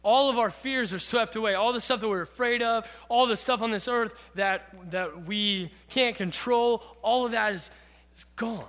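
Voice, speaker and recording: A man's voice: high voice, moderate pace, a bit bright. A man preaching to a youth group, earnestly talking through song lyrics line by line. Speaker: youth pastor. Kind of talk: sermon. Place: church hall. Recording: reverberant hall.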